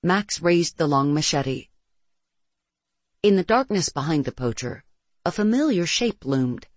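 A narrator reading science-fiction adventure fiction aloud in a steady storytelling manner, close to the mic. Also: mid-range voice, a little slow, no room sound. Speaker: audiobook narrator.

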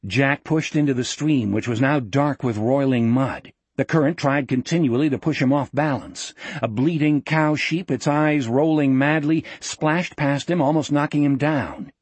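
A man reading an audiobook in a steady, dramatic storytelling manner. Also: medium pitch, normal speed, hardly any pauses, husky, no room sound. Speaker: audiobook narrator. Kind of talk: scripted narration.

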